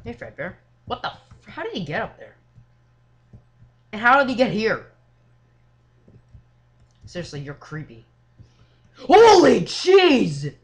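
Gamer voice for a horror playthrough: animated pitch, foul-mouthed, filler-heavy chatter, loud outbursts. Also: unhurried, long pauses. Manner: swears a lot, shouts at jump scares; filler-heavy, says "like" and "seriously" often. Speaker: gamer playing a horror game. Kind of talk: let's play commentary.

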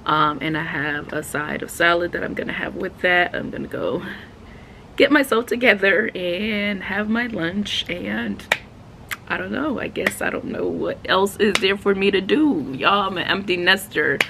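A woman's voice: mid-range voice, moderate pace, creaky, noisy background. A woman in her forties talking casually and emotionally to her viewers in a home vlog, often saying "y'all". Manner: emotional, talks straight to viewers with southern "y'all". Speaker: vlogger.

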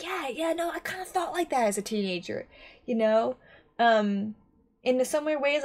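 A woman's voice: fairly high pitch, a little mellow. A woman giving casual reaction commentary on an anime, talking in a rambling, chatty way with lots of restarts.

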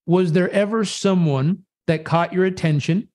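A man as a guest on a live video chat, talking about coaching in a lively, storytelling way and acting out voices in his quotes. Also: high voice, normal speed. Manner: animated storyteller who acts out voices in quotes. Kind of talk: conversational coaching talk. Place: live social media video conversation.

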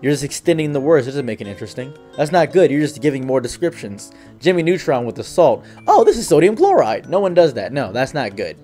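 A man's voice: mid-range voice, animated, fast talker, hardly any pauses, mellow, faint music behind. A man hosting a comedic commentary video, rambling without a script and playing up his words with theatrical inflections. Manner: theatrical, exaggerated inflections and playful emphasis. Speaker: YouTube commentary host.

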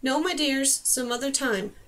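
A woman reading the part of a calm, wry seasoned woman knight. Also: sits high, measured pace.

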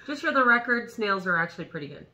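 A woman's voice: mid-range voice, very animated, fast talker, bright, forceful tone. A woman from Canada co-hosting a reaction video, playful and laughing in casual chat. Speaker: reaction channel co-host.

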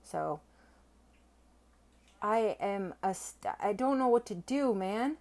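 A young woman vlogging a casual unboxing, gushing and excitable, stammering and swearing when she is overwhelmed. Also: medium pitch, measured pace, pauses often. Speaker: silver-stacking vlogger.

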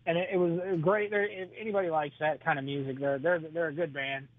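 A man who is a stand-up comedian telling his act in an interview, halting and full of "uh"s, chuckling between jokes. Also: a little high, fairly even intonation, no room sound. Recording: dry tinny phone line.

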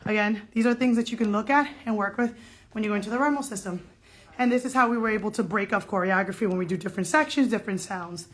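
Speaking fast in a mid-range voice, a woman teaches an online step dance class from a reverberant dance studio. She counts the beats aloud and cheers her students on in an upbeat way, sounding a little out of breath.

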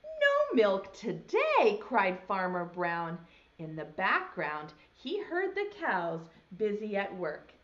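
A young woman preschool teacher reading a picture book aloud, gently stopping to ask the children questions. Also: on the low side, sing-song, slow pace, highs cut off. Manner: gentle, asks children questions as she reads. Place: home video lesson.

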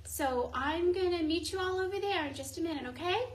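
A woman preschool teacher reading a story to young children in an animated, sing-song way, gently and slowly, recorded at home. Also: extremely high pitch, slight background noise, rough recording.

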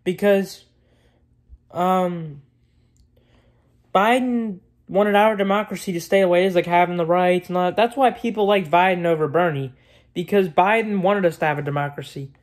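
A man vlogging in a casual, rambling rant, blunt and opinionated, repeating himself and swearing freely. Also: high-pitched.

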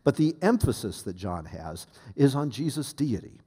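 A man's voice: mid-range voice, very animated, moderate pace, mellow, breathy edge, long reverb tail. A man preaching a teaching sermon in a conversational way, asking the congregation questions and often restarting his sentences. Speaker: pastor. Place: church sanctuary.

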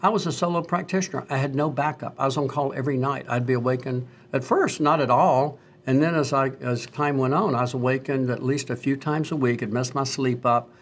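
A middle-aged man talks as a physician host in a relaxed health conversation. He tells his stories at length and turns lively when he quotes other people. His voice sits at an ordinary pitch for a man. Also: brisk, hardly any pauses, slight background noise. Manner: storytelling, animated when quoting others.

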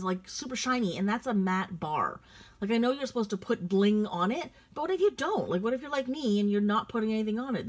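Casual bag vlogger, woman, mid pitch, very animated intonation, talks it through with herself. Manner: chatty, opinionated, thinking aloud with frequent likes and ums. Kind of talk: casual first-impression chat.

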